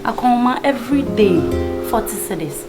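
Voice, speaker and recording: An actress playing a woman in a soft conversation about money and a good wife. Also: fairly high pitch, lively intonation, moderate pace, over loud music, close to an everyday voice. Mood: warm.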